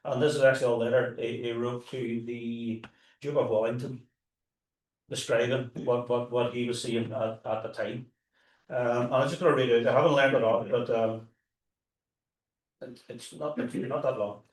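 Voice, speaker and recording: A man's voice: medium pitch, little pitch movement, moderate pace, a little mellow. Derry man giving a talk in a roomy hall. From Northern Ireland. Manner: conversational, with frequent restarts and asides. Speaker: tour guide and historian. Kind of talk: informal talk to a live audience. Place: forum hall. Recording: roomy hall, mic at a distance.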